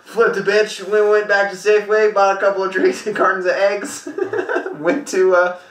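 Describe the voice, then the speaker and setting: A man of middle pitch with a bright, forceful tone laughs along and swaps a rowdy prank story in casual chat. He curses freely. The sound carries room echo. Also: level tone, normal speed. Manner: laughing, crude, reacts eagerly. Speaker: podcast co-host. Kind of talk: casual chat over a beer.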